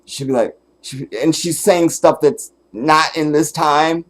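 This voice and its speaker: This man runs a relaxed solo livestream, his voice a little high and his delivery a little slow. He spins stories full of swearing and lively energy, laughing frequently and now and then declaring something emphatically.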